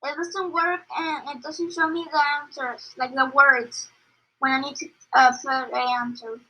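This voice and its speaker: A woman's voice: sits high, fairly even intonation, a little slow, bright, forceful tone, poor audio. A student on a video call, hesitantly telling her teacher that something is not working. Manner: hesitant, asking the teacher for help.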